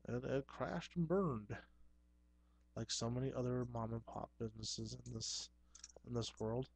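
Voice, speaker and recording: A man's voice: mid-range voice, fairly even intonation, unhurried, vocal fry, a little mellow, no room sound. Earnest man rambling on about his craft. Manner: earnest, self-assured, with repeated restarts. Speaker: clown performer. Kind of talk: rambling casual monologue.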